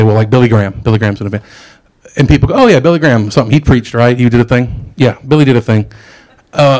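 A man's voice: medium pitch, a little mellow. A middle-aged man preaching a sermon in a casual, conversational way, with asides and jokes.

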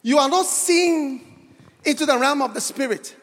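A man from Ghana preaching a sermon in a church hall, building to shouted, sing-song emphasis. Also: extremely high pitch, normal speed.

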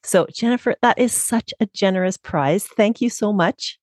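A woman hosting a podcast interview, reacting warmly and reading a contest announcement. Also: medium pitch, normal speed, no room sound, clean studio sound. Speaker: podcast host.

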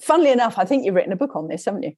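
A woman's voice: mid-range voice, sing-song, very fast, warm tone, husky. A woman hosting an interview, asking engaged and encouraging questions. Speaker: podcast interviewer. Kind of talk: conversational interview.

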